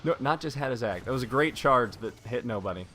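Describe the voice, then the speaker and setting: A man casting a live video game match, joking around between plays and then calling the action excitedly. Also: medium pitch, quick pace, very noisy. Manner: jokey, rambling banter that rises into excited play-by-play. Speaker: esports caster.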